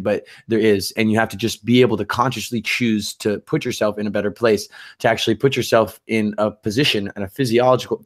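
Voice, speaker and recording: A man co-hosting a self-help talk, explaining at length with many restarts and fillers, sometimes building into excited demonstration. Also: on the low side. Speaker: podcast co-host.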